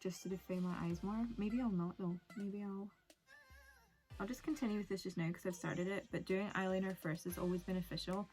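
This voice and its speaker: A young beauty vlogger chats her way through a casual make-up tutorial, rambling and saying "like" constantly. She talks fast with few pauses, in a steady, darkish, fairly low voice, with faint music in the background.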